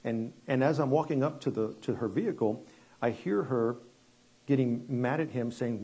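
A middle-aged man preaches as a guest pastor, his voice mellow and slightly husky. he talks loosely, stumbling over repeated words, then drops to a near hush for the tense parts of a story. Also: mid-range voice, moderate pace. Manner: conversational, repeats words and restarts, drops quiet for dramatic story moments. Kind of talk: sermon with storytelling.

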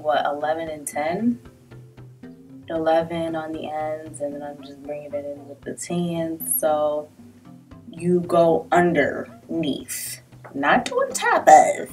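A woman's voice: on the low side, far from the mic. A woman doing a casual makeup tutorial, rambling and slangy and often apologizing, talking from a desk in a small room. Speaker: beauty vlogger.

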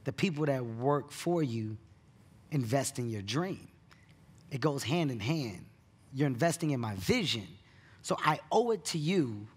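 Animated man telling stories on stage. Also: medium pitch, slightly rough. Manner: animated storyteller, laughs at his own story. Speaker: keynote interview guest, comedian. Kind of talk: onstage storytelling in an interview. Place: conference stage.

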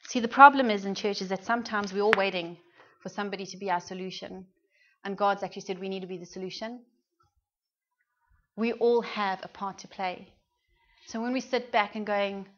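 A British woman delivers a sermon in a church, talking earnestly to her congregation and pausing to put questions to them. Her voice sits at a middle pitch, and the recording is dull and a little lo-fi. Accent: British English. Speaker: preacher. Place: church hall.

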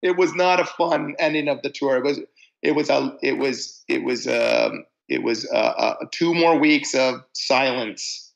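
A gravelly-voiced man in his forties tells a tour story in a loose, rambling way. He restarts sentences and stretches words for emphasis. The audio sounds a little dull and lo-fi. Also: medium pitch, measured pace. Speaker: podcast guest, musician. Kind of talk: casual chat, storytelling.

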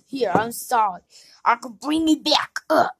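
A woman with a high, gravelly voice performs a comedic fan-animation voice-over. She drawls slowly, drops into mumbled asides, then bursts into shouts. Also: animated, slight background noise. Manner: jumps between mumbled asides and shouted outbursts. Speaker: narrator and voice actor of a fan animation.

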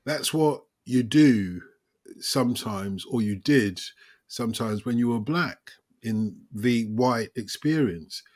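A man hosting a conversation, telling stories in a lively, opinionated way. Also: mid-range voice, slow pace. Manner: storytelling, animated and opinionated. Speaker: host. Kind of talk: casual chat.

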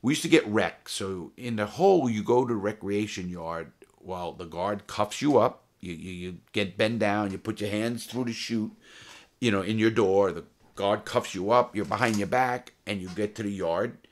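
A man's voice: lowish voice, moderate pace. A middle-aged man telling stories casually to camera, blunt and swearing freely, often restarting his sentences. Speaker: storyteller of his own past. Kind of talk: casual profane storytelling to camera.

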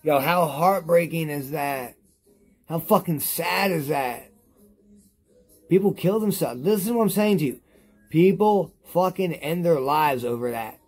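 A man with a husky, slightly breathy voice rants casually to the camera while high. He rambles, swears freely and circles back over the same points. Faint music plays behind him. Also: darkish tone. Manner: profane, rambling, repeats himself. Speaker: product reviewer.

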